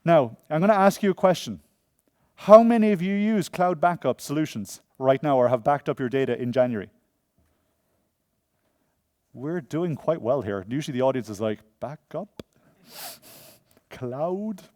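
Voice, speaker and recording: A man speaking at a conference and answering the audience's questions, his voice pitched a little high and heard dry and close. He is jokey and animated, telling funny stories and acting out the voices of the people in them. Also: normal speed, pauses often, dry recording. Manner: animated, acts out quoted voices. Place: conference room before an audience.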